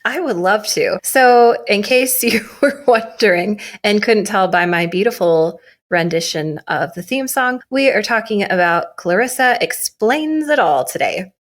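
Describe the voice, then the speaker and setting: A woman's voice: mid-range voice, animated, unhurried, few pauses. A young woman co-hosting a podcast in casual chat, joking and teasing herself and laughing often. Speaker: podcast co-host.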